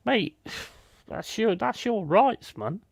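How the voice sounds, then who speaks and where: A man hosting a live football watch-along stream, bantering bluntly with a co-host and shouting out viewers in chat. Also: high voice, expressive, slow pace, gravelly, no room sound.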